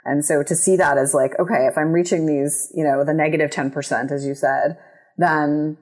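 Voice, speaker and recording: A woman hosting an interview, halting and restarting often as she searches for her words. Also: sits low, fairly even intonation, a little mellow. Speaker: podcast host. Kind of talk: casual interview chat.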